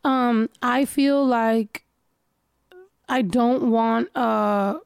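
A woman's voice: on the high side, fairly even intonation, extremely slow, creaky, clean tone, dry recording, studio quality. A casual woman with a stuffy nose, chatting bluntly and often profanely while reading viewer comments. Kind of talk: casual chat.

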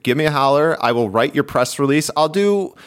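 Male podcast co-host, animated storyteller, lively pitch, jumps high on quoted lines. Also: brisk, clean tone. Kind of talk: casual chat about bike racing.

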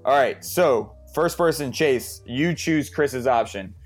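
A man's voice: medium pitch, takes it slowly, soft background music. A young man hosting a truth-or-lie game among friends, joking and teasing as he talks casually. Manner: joking, teasing, swears freely. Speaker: game host. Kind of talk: casual chat.

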